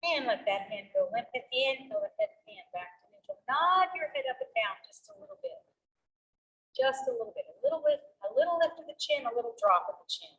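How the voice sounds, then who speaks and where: A middle-aged woman teaching a seated yoga class, calmly cueing each breath and movement. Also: high voice, a little fast, rough recording. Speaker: yoga instructor. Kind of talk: guided chair yoga class.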